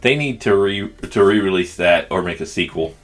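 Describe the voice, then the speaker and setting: A man's voice: sits low, normal speed. A man with a Southern country accent giving casual, crude, joking commentary as he unboxes a video game collection. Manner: crude joking, rambling and chatty. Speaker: gaming channel host.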